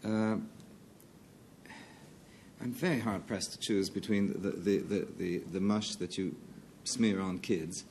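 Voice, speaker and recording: A man's voice: low voice, fairly even intonation, slow, a little mellow, a little hiss or hum. A man on a TV panel game, hesitating and restarting, then bluffing with confidence. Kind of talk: casual panel-game talk.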